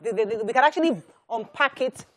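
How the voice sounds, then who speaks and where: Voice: mid-range voice, quick pace. A talk show host, steering the panel and cutting in with animation. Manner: animated, interjecting. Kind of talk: studio panel discussion.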